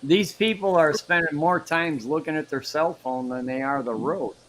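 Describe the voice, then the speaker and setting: A man's voice: a little high, normal speed, a bit bright, a little hiss or hum, rough recording. A man in casual livestream chat, voicing strong opinions with frequent stumbling restarts. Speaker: livestream participant.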